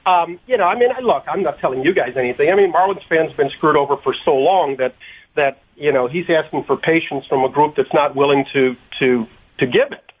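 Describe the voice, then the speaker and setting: Guy calling in on a tinny phone line, kinda high voice, lots of ums and restarts. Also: husky. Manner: halting, many ums and restarted phrases. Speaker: guest interviewed by phone. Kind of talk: radio interview answers.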